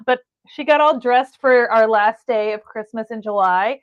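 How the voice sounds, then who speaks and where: A woman's voice: a little high, moderate pace, smooth, no room sound, highs cut off. A woman co-hosting a live stream, chatting in a bubbly, laughing way. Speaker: co-host. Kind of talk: casual livestream chat.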